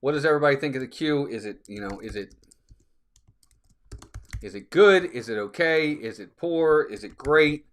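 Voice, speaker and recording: A man's voice: medium pitch, lively intonation, normal speed, long pauses. A man hosting a casual live stream, chatting with viewers and reading out their comments. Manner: chatty, reads out viewer comments, sneezing fits.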